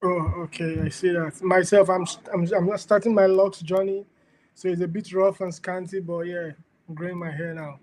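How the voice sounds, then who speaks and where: High-pitched man on a distant video call. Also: fairly even intonation, normal speed, a little mellow, a little hiss or hum. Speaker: guest creator. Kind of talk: casual video-call chat.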